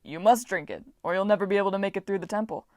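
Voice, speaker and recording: A boastful male farm god booms and lectures with grand, dismissive flair, voiced by a woman narrator. The sound is dry and close, with a mid-range voice pushed loud. It is an audiobook reading. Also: very fast, no echo, lightly acted. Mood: lecturing.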